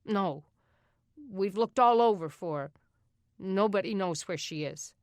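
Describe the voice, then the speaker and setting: A woman's voice: medium pitch, unhurried, no room sound, studio quality, lightly acted. A woman voicing a proud, defensive teenage boy who looks after his younger siblings.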